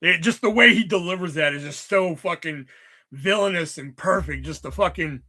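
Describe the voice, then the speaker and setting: A man's voice: on the high side, normal speed, pushed and bright. A man hosting a livestream, chatting casually about movies in a rambling, sarcastic way full of swearing. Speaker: livestream host.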